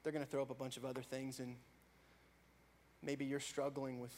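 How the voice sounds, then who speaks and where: A man preaching a sermon, rising to loud, fervent prayer and dropping back to a soft, conversational tone. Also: little pitch movement, normal speed, slight background noise. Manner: builds to loud, high-pitched fervor in prayers; drops to soft, low conversational tone between peaks. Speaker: pastor.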